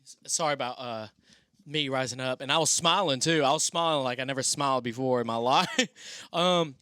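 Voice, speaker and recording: Young male podcast co-host, easygoing, bright tone, dry close sound. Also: mid-range voice, normal speed, clean tone, no room sound. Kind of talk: casual podcast chat.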